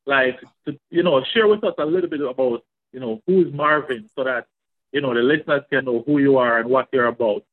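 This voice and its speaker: A man's voice: medium pitch, fairly quick. A man with a Jamaican accent hosting a casual podcast chat, upbeat and playful as he introduces his guest. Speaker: podcast host. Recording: tinny phone-like line.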